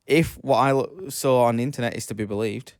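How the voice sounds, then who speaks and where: A man sits close to a dry, dead-sounding mic and reads out odd news stories. His delivery is matter-of-fact and unhurried, with the occasional stumble over a word. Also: medium pitch, darkish tone, dry recording. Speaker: podcast co-host. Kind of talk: casual chat and news reading.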